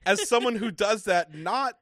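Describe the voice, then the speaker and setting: A man's voice: sits high, expressive, moderate pace, a bit bright, no room sound, clean studio sound. A man co-hosting a casual recap podcast, rambling with lots of restarts and fillers. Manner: rambling, many restarts and likes. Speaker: podcast co-host.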